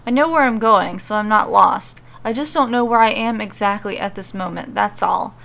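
A woman voicing an excitable, scatterbrained male wrestler hero who talks eagerly in a goofy way. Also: medium pitch, normal speed, creaky. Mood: breezy.

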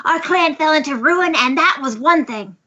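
A woman voicing a bitter, vengeful male shogun villain, stretching out the words slowly. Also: high-pitched, animated, bright, forceful tone, pitched above the performer's own voice. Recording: slightly muffled podcast audio.

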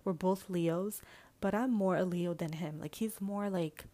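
A young woman vents about a dating letdown in a loose, confessional vlog. Her voice is mellow and warm, and she talks frankly and swears freely. She keeps saying "like" and now and then slips into a hushed aside. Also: fairly low pitch, measured pace. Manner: frank and animated, heavy use of "like", swears freely. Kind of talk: casual storytelling vlog.

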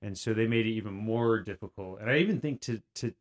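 A man's voice: fairly low pitch, quick pace. A man, guest on a podcast, telling his story in a rambling way with many fillers and restarts. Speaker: guest creator. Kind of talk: casual podcast conversation.

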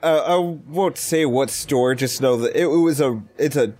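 A man with a mid-pitched voice chats casually as a podcast co-host. He tells a story with laughs and acts out what each person said. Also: normal speed, a little mellow. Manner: laughing, anecdotal, quotes himself in voices. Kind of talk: casual chat. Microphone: remote voice chat.

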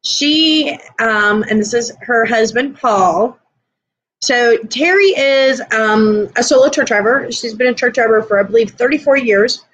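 A woman's voice: on the high side, measured pace, fairly bright tone, dull audio. A woman co-hosting a live stream, chatting casually and rambling with lots of fillers. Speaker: podcast co-host.

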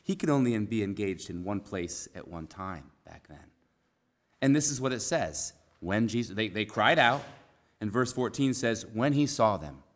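Earnest low-voiced man preaching. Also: expressive, normal speed. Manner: earnest, drops to a soft hush for emphasis; repeats key phrases. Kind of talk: conversational sermon.

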